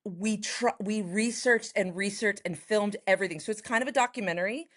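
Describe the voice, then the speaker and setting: A woman from Texas, a writer and performer, telling a personal story in an interview, acting out the voices of the people she quotes. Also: a little fast. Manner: lively, acts out quoted voices with big pitch jumps. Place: home in Los Angeles, noise next door.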